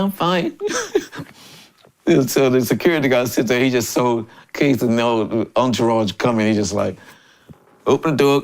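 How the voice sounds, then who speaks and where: An older man in his sixties from Memphis, a drummer and interview guest, telling stories in a lively way, often laughing and acting out other people's lines. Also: mid-range voice. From Memphis, USA. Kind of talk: casual storytelling interview.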